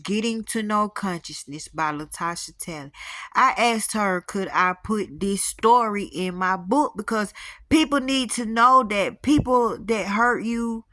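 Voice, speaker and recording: A woman's voice: mid-range voice, no room sound, studio quality. A woman telling a spiritual story in casual chat, acting out the voices of the people in it. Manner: animated, acts out quoted voices.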